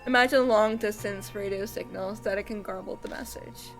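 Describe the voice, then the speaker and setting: A woman reading the lines of an elderly female spirit medium in a game, measured and composed. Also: mid-range voice, fairly even intonation, creaky, soft background music, lightly acted. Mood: calm.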